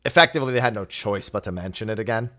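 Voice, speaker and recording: A man hosting a casual discussion show, animated and laughing often. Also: lowish voice, very fast. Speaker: podcast host. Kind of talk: casual chat.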